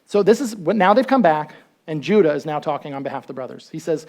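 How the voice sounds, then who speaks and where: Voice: medium pitch, quick pace. A pastor giving a sermon in a conversational way, asking the listeners questions and acting out the story as it goes. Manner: animated storytelling, acts out quotes.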